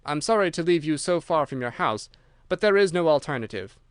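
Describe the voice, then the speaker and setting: A man's voice: on the high side, expressive, brisk, clean tone, dry recording, studio quality, close to an everyday voice. A man voicing a curt young accomplice who gives cold, clipped warnings.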